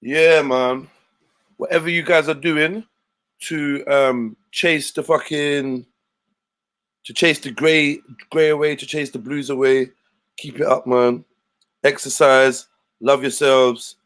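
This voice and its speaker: A man runs a casual livestream in thick street slang. He greets his viewers by name and keeps the talk loose and chatty in a middle-pitched voice. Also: fairly even intonation, takes it slowly, a bit bright. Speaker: livestream host.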